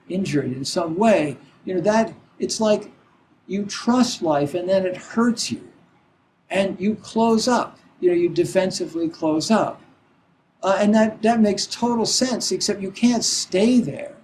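A middle-aged man and Zen teacher giving a reflective dharma talk, speaking haltingly with frequent "you know" and many restarts. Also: high voice, darkish tone, a little hiss or hum, poor audio.

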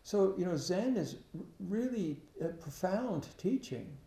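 Slow creaky-voiced guy giving a buddhist talk, lots of stops and restarts, echoey room. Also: sits high, sing-song, dark tone. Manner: halting, many restarts, asks rhetorical questions. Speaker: Buddhist teacher. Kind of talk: dharma talk.

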